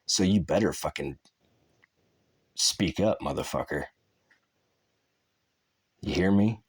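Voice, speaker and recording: A man's voice: low-pitched, takes it slowly, husky, full character voice. A man channeling an aggressive male spirit who taunts and swears confrontationally during a channeling session. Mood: menacing.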